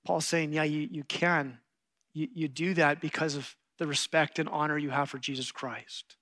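A man's voice: a little high, moderate pace. A middle-aged man preaching a sermon, telling stories and acting out quotes with animation. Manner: animated storytelling, acts out quotes.

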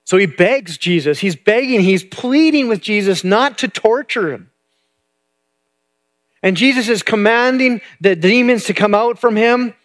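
High-voiced male preacher retelling a story. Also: expressive, a little slow, a bit bright. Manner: conversational, repeats words while thinking. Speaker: pastor. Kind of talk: sermon retelling a Bible story.

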